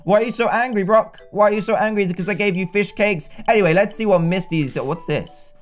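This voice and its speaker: A man giving chatty, excitable let's-play commentary and talking to the game characters. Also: high voice, quick pace, soft background music. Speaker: gaming YouTuber.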